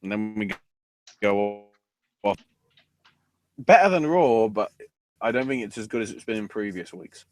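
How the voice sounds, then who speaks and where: A man hosting a wrestling podcast, talking casually with sarcasm and swearing, and acting out quotes in loud bursts. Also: lowish voice, fairly even intonation, moderate pace, long pauses.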